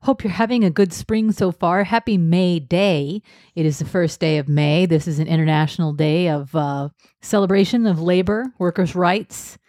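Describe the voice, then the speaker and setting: A woman's voice: on the low side, moderate pace, a little mellow, no echo. A woman co-hosting a casual podcast, talking in a dry, self-deprecating way with lots of "uh" fillers. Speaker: podcast co-host.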